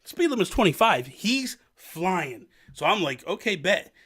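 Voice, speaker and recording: Animated young man telling a story. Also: high voice, unhurried, breathy edge. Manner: animated, self-mocking, acts out quotes. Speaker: vlogger. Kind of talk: casual storytelling to camera.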